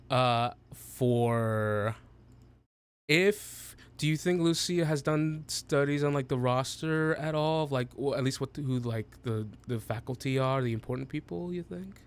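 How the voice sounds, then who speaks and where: A man narrating a tabletop game as game master, halting and restarting his sentences. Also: mid-range voice, smooth. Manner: halting, many fillers and restarts.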